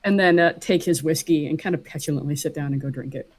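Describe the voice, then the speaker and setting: A woman's voice: low-pitched, fast talker. A woman playing in a tabletop game, describing her character's actions in casual talk. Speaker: player.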